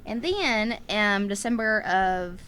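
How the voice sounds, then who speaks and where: A woman's voice: mid-range voice, animated, takes it slowly, fairly bright tone, clean tone. Rambling Southern woman telling a ghost story. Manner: rambling, laughs often, many fillers. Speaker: podcast co-host. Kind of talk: casual storytelling chat.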